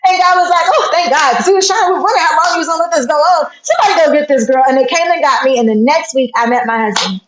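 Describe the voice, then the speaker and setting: A woman in her thirties, chatting as a guest and telling stories in an animated way, acting out the voices in her tales. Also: sits high, rapid-fire, few pauses. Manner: animated storyteller, acts out voices in her tale. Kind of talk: casual chat. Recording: echoey, dull lo-fi sound.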